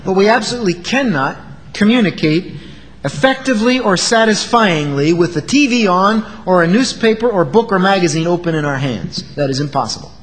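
Animated man preaching in a reverberant hall. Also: high voice, a little fast. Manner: earnest, animated, acts out quoted lines. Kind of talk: sermon.

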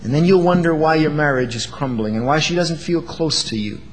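A man's voice: on the high side, fairly quick, big-room sound, a little hiss or hum, low-quality recording. A man preaching an earnest sermon, acting out quoted lines as he goes.

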